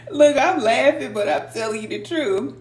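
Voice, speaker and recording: A woman's voice: high voice, moderate pace. Chatty woman hosting a live stream. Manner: informal, laughs often, reads out viewer comments. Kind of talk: casual live stream chat with viewers. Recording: echoey room with faint hum.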